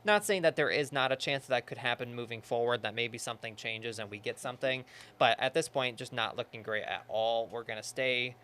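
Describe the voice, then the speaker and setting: A young man, a TV meteorologist chatting casually about the weather in a news studio, relaxed with lots of fillers. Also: medium pitch, a little fast, a little hiss or hum. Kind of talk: casual on-air weather chat.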